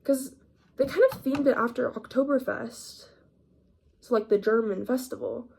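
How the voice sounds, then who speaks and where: A woman's voice: fairly high pitch, normal speed, vocal fry, a little mellow, a little hiss or hum. Slangy eighteen-year-old woman rambling casually. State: mildly sick, coughing up phlegm. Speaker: vlogger. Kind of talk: casual chatty vlog.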